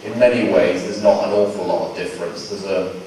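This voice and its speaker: Low-voiced man in an echoey hall. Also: steady tone, a little fast, dark tone. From England. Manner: rambling, full of restarts, wry and self-mocking. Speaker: guest actor at a fan convention Q&A. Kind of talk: casual convention Q&A answers. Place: large convention hall. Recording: very echoey hall, distant and noisy.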